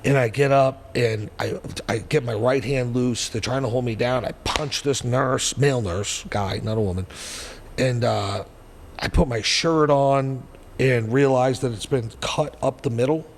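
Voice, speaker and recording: A man's voice: medium pitch, unhurried, in a large hall, a little hiss or hum. Blunt, profane storytelling man. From New Hampshire, US. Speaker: guest. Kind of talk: storytelling interview.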